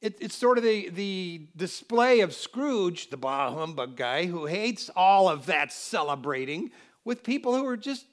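A man from the United States preaching a Christmas sermon, animated, swinging between loud exclamations and quiet asides. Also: high voice, unhurried.

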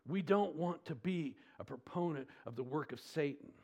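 Male pastor, sermon delivery; emphatic, questions the congregation, slightly high pitch. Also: expressive. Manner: swings between loud and low, drawn-out stresses.

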